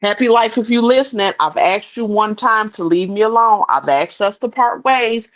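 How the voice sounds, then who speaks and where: A woman's voice: medium pitch, normal speed. Insistent woman over dull lo-fi audio. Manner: insistent, repeating herself. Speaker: guest in live chat room. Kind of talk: casual chat.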